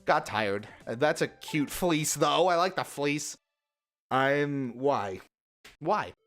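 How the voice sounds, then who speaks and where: A man calls out his own video game match, his voice rising and falling widely as he grows exasperated with his teammates. He sits a little higher than most men, and soft game music runs underneath. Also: slow. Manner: exasperated, animated play-by-play with frustrated outbursts. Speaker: streamer. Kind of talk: livestream gameplay commentary.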